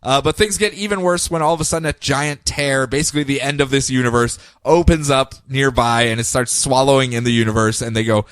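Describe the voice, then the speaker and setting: A man's voice: medium pitch, steady tone, fairly quick, hardly any pauses, a bit bright, clear, resonant tone, no echo. Facetious man recapping comics. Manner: joking, facetious. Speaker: podcast host. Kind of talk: casual comic book recap.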